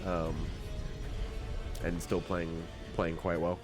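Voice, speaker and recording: A deep-voiced man chats to his stream while he plays, a bit tipsy and in no hurry. His talk wanders, laced with swearing and offhand storytelling. The pace stays unhurried and loose. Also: little pitch movement, over music. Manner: rambling, profane, storytelling. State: a little tipsy. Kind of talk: casual chat while gaming.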